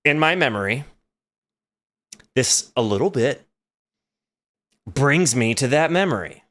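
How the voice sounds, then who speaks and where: A man streaming a reaction, telling a story in an animated, excitable way. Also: mid-range voice, slow pace.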